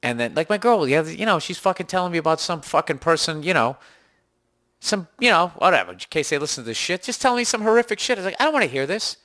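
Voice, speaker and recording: A man's voice: on the high side, quick pace. A man co-hosting a comedy podcast, rambling through stories in casual, profane chat. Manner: profane, rambling, animated storytelling. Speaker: podcast co-host.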